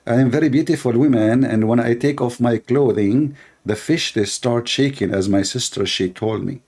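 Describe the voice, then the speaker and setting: A man imitating a coy woman caller, speaking slowly in a mock-feminine way. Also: mid-range voice, a little mellow, lightly acted. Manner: slow, drawn-out mock-feminine tone.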